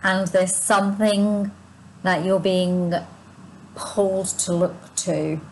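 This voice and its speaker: Halting, breathy-throated woman tarot reader. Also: medium pitch, steady tone, slight background noise, rough recording. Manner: halting and searching, full of restarts and asides to viewers; sighs and yawns while reading. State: sore throat, short of breath. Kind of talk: spontaneous spiritual reading to viewers.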